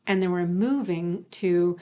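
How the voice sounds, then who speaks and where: A woman's voice: fairly low pitch, a little slow, dark tone, highs cut off. A woman giving a university lecture in an explanatory way, with many fillers and self-corrections. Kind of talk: recorded lecture.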